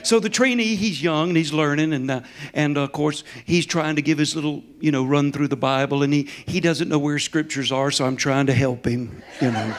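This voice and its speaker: This middle-aged man's voice is a little high and moves at normal speed. Guest-preaching in a church sanctuary, he gives a storytelling sermon with a folksy, chuckling manner.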